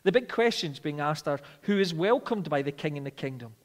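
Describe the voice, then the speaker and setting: A man's voice: on the high side, expressive, brisk. Emphatic male preacher in a reverberant hall. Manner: emphatic, swings between loud declarations and quiet reflection. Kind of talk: sermon.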